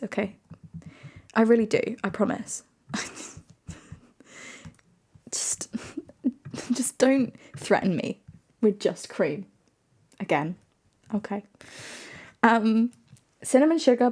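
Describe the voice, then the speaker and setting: A woman's voice: mid-range voice, darkish tone. A woman streamer in casual livestream chat, playful, laughing often and answering her viewers.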